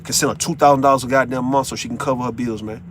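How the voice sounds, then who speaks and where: A man's voice: mid-range voice, fairly even intonation, racing, a little hiss or hum. A middle-aged man in an emotional, profane monologue who stumbles and repeats words as he opens up. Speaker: vlogger. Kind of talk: emotional monologue while driving.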